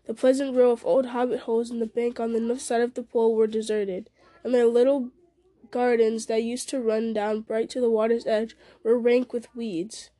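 A woman reading a fantasy novel aloud at a steady pace, with small slips and restarts. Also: a little high, moderate pace, no echo. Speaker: story reader.

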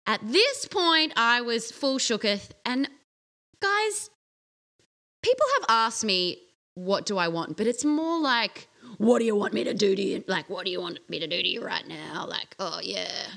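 A woman's voice: measured pace, gravelly. A woman, co-hosting a casual podcast chat and telling a story with acted-out quotes. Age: 30s. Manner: animated storytelling, acting out quotes in a low voice. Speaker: podcast co-host.

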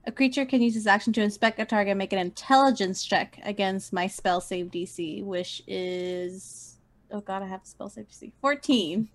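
A woman's voice: medium pitch, steady tone, moderate pace. A woman playing in a tabletop game, thinking aloud as she checks the rules. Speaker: player. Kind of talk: casual tabletop game chat.

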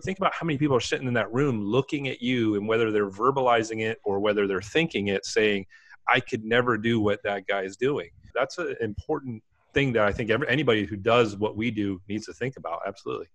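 A male podcast co-host with a lowish voice, recorded dry and close. He talks earnestly in long, reflective sentences that wind through his points. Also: quick pace, dry recording, poor audio. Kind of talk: casual podcast chat.

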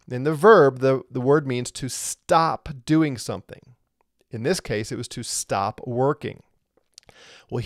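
Man with a lingering cough, teaching scripture and posing rhetorical questions; medium pitch, dry room. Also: a little mellow, no echo. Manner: explains step by step, asks rhetorical questions. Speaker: Bible teacher. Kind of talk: verse-by-verse Bible teaching.

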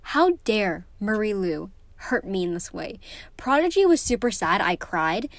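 A woman's voice: mid-range voice, very animated, a little slow, dry recording. Gushing teenage girl, dry sound. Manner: gushing and emotional, many fillers. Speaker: book vlogger. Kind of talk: casual vlog chat.

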